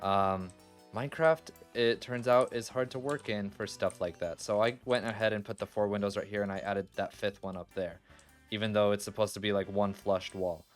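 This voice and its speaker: A man's voice: fairly low pitch, fairly even intonation, normal speed, soft background music. A man chatting casually through his building game, exclaiming and laughing readily as he talks straight to his viewers. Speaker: gaming video creator. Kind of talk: casual let's-play commentary.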